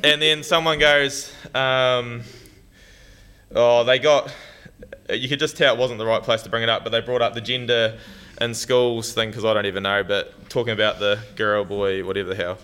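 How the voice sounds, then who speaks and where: A man's voice: mid-range voice, little pitch movement, normal speed, bright, forceful tone, clean tone. A young man with a New Zealand accent telling a blunt, swearing, laughing story to an audience. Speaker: farmer speaker.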